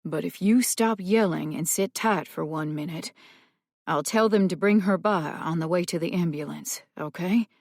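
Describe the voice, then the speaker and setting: A woman's voice: lowish voice, moderate pace, no echo, clean studio sound. A woman voicing a male paramedic who steadily reassures an injured boy in an audiobook. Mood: reassuring. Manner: firm, reassuring, coaxing.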